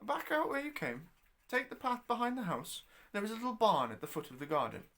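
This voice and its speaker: A man voicing a shrewd, sharp-tongued old Scottish landlady with a brisk, bossy way of talking. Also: medium pitch, very animated, a little hiss or hum, voice pushed up. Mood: brisk, sly.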